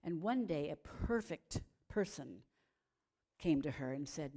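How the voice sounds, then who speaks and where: A woman leads a children's story at a worship service, speaking gently and checking in with the audience through questions. Her voice is low-pitched and warm, soft around the edges. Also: expressive, slow.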